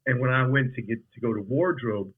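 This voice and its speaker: A man telling stories as a guest on a podcast, in a mid-pitched voice. He talks in a rambling, animated way, often backtracking and repeating words. The sound is a little dull and lo-fi. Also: brisk, slightly rough. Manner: rambling, animated, with many restarts and laughs. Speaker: actor guest. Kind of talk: casual interview storytelling.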